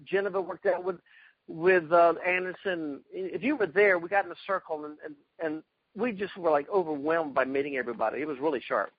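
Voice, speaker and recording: High husky guy telling fight stories all excited, dull dry radio sound. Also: fairly quick, no room sound. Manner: excited, tells stories with acted-out quotes. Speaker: guest, karate fighter. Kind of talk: animated storytelling interview.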